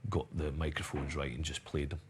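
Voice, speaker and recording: A Scottish man, a musician being interviewed, answering in a hesitant, halting way. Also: extremely low pitch, level tone, background noise. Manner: hesitant, halting, many fillers.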